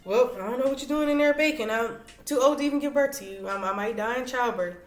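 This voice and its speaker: A woman's voice: a little high, quick pace, echoey room, soft background music, natural voice. Sarah, an aged biblical woman retold by a woman preacher. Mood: fretful. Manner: casual modern slang.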